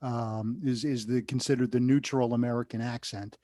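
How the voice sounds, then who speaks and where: A man's voice: medium pitch, steady tone, moderate pace, warm tone, no room sound. New York-accented male broadcaster, earnest, dry-recorded. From Queens, New York. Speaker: radio broadcaster and teacher. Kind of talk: panel discussion.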